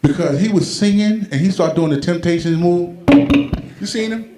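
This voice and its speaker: A stand-up comic rambles through his set and keeps breaking into laughter at his own material. His voice sits a little above the usual pitch for a man. The live room gives everything a roomy echo. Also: moderate pace, mellow, soft background music. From Brooklyn, New York. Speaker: stand-up comedian. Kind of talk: stand-up comedy routine. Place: comedy event venue.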